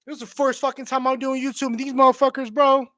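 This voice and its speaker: A man hosting his own live stream, reacting with loud excitement and a lot of swearing, repeating himself and calling the audience bro and homie. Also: extremely high pitch, quick pace, no room sound, clean studio sound. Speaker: streamer hosting a draft watch party.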